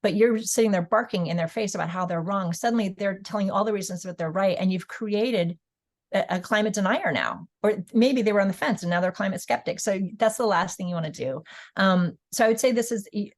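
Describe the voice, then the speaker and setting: Woman panelist giving earnest advice. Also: mid-range voice. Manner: earnest, advising, many fillers and restarts. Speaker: panelist, author. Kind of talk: webinar panel talk.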